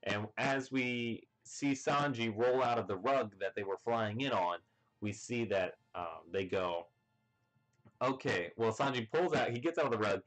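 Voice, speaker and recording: A man's voice: mid-range voice, a little slow. A man casually recapping a comic chapter, rambling with lots of filler words and playing out the characters' lines as he goes. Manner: rambling, full of "you know" and "like" fillers; excited, acts out characters' lines. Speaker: manga reviewer.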